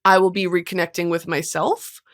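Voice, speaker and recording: A woman's voice: lowish voice, level tone, normal speed, fairly bright tone. Burnt-out woman podcast host, near tears. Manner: earnest, emotional, swears, many "like" fillers. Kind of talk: candid solo podcast monologue.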